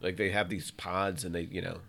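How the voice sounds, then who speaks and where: A man's voice: deep voice, flat delivery, moderate pace, creaky, fairly bright tone. A man co-hosting a podcast in casual chat, playful and jokey, often trailing off mid-sentence. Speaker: podcast co-host.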